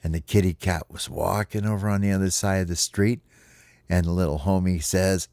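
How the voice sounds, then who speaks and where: A man telling a playful children's story to his kids in an animated way. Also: on the low side, normal speed, clear, resonant tone, dry recording, clean studio sound. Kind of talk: bedtime storytelling.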